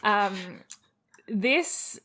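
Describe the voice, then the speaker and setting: A woman's voice: medium pitch, lively intonation, extremely slow, bright, forceful tone, slight background noise. An Australian woman co-hosting a podcast, chatting playfully and giggling often. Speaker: podcast co-host. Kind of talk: casual chat.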